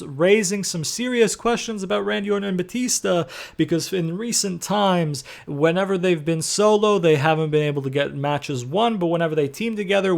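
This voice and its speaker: A man's voice: a little high, gravelly. A young man casually recapping a wrestling game session, rambling with lots of fillers and the odd swear word. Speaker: gaming video host.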